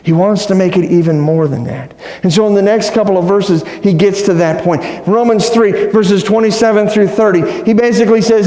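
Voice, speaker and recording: High-voiced pastor preaching in an echoey hall. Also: male voice, moderate pace, hardly any pauses, warm tone. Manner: conversational, asks the congregation questions; playful, self-deprecating humor. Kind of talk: sermon. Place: church sanctuary. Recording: roomy hall with long reverb.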